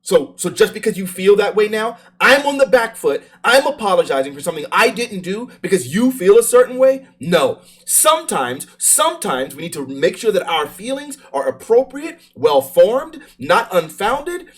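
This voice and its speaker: A man's voice: high-pitched, big pitch swings, normal speed, few pauses, a bit bright. A man streaming live, reacting to a video in an emphatic, argumentative way with frequent restarts. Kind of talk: casual live-stream commentary.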